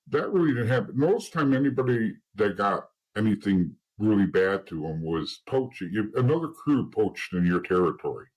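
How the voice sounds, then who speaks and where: Husky low-voiced man telling stories. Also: a little mellow, rough recording. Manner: rambling, laughs at grim details, restarts often. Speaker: interview guest, former mob associate turned informant. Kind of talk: casual storytelling in an interview.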